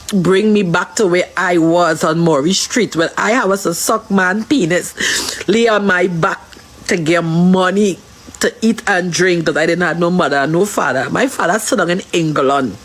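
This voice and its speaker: A woman's voice: fairly low pitch, rough recording. A woman hosting a street interview stream, talking in an impassioned, pleading way that keeps repeating itself. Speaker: stream host.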